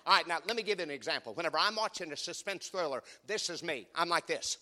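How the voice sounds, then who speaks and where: A male pastor preaching a sermon with animated storytelling and call-and-response to the congregation. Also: on the high side, quick pace. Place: church sanctuary. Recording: long reverb of a church hall.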